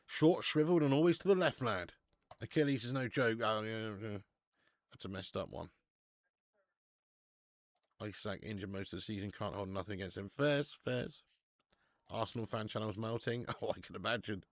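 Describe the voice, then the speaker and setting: A man's voice: lowish voice, lively intonation, moderate pace, dry recording, studio quality. A man hosting a live football watch-along, chatting casually, swearing and reading out viewer messages.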